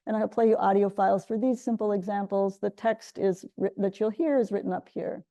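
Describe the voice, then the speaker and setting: A woman delivering an academic lecture, her voice gravelly with a mellow, darker tone. She walks through her points methodically and often restarts a phrase mid-sentence. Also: medium pitch, fairly even intonation, a little fast. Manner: explanatory, methodical, with frequent restarts. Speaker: guest lecturer.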